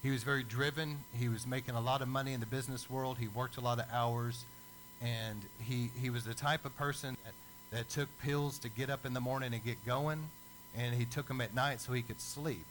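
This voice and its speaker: A man preaching a sermon as a lively storyteller who acts out the people in his stories. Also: medium pitch, brisk, a little hiss or hum, poor audio.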